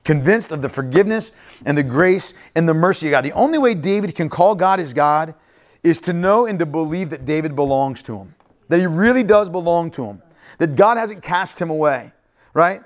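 Male pastor, mid-high voice, animated sermon delivery, chatty and repetitive. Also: normal speed. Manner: conversational preaching, frequent "right?" asides and repeated phrases.

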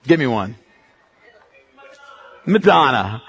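A male pastor preaching a sermon, emphatic and direct, dropping from loud bursts to a hush and checking in with his congregation. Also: medium pitch, very animated, slow, creaky, slightly rough. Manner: emphatic, swings between loud outbursts and hushed stretches; talks straight to the congregation, checking in often.

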